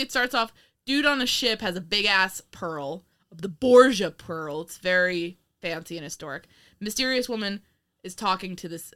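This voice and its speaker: A woman from New York co-hosts a loose, casual podcast conversation. Her voice is bright and tense-edged, and her pitch swings about animatedly. She laughs often and swears without a second thought. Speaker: podcast co-host. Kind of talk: casual chat.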